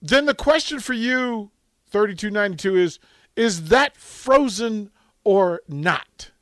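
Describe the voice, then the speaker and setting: Male radio host, high lively voice, dry studio sound, animated storyteller. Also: a little slow, no room sound. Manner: animated storytelling, dramatic swings from loud to hushed. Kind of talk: casual call-in radio chat.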